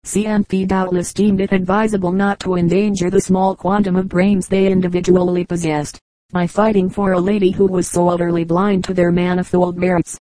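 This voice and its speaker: A woman reads an old book aloud for an audiobook at a measured, even pace. Her voice is mellow and low-key, and the recording is dry with no room sound. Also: no echo, poor audio. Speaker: audiobook narrator. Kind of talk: scripted narration of an old book.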